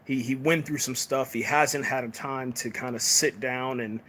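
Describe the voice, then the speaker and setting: A man's voice: mid-range voice, steady tone, normal speed, sharp tone. A man casually reviewing a TV episode on a live stream, laid-back and loose, often tacking "man" onto his sentences. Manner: laid-back, peppers talk with "man" and fillers.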